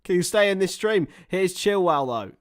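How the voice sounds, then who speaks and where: A young man hosting a live match watchalong, chatting casually and rambling between topics, with excited bursts of play-by-play. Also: sits high, moderate pace. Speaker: livestream host.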